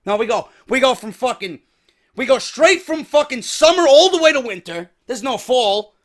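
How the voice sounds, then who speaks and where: A man in his thirties with a New York accent and a hoarse voice, telling a story as a profane, angry rant with loud bursts. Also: very high voice, animated, normal speed. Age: 30s. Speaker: wrestling podcast host.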